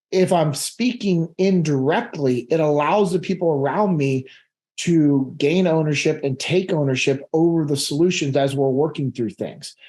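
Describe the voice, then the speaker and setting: A man with a slightly higher voice answers leadership questions in a loose, casual way. He speaks directly, laughs easily and gets animated. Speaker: leadership instructor. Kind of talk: casual Q&A talk.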